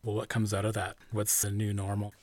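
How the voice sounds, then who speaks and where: Low-voiced male interviewer, dry sound. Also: completely flat delivery, fairly quick, a little mellow, no room sound. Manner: friendly, probing questions. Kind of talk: interview conversation.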